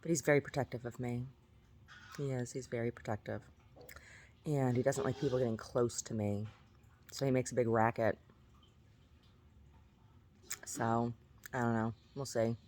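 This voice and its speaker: A woman's voice: very deep voice, fairly even intonation, moderate pace, pauses often, a little mellow, slight background noise. A middle-aged woman telling rambling stories to her camera, laughing and repeating herself as she goes. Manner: rambling, laughing, self-mocking storyteller; repeats words and restarts often. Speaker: vlogger. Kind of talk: casual monologue to camera.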